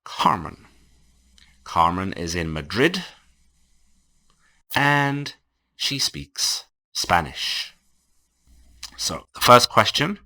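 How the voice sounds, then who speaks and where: A man teaching English in an online lecture, reading example sentences slowly and carefully for learners. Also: low voice, sing-song, vocal fry, sharp tone. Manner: slow, carefully enunciated classroom reading.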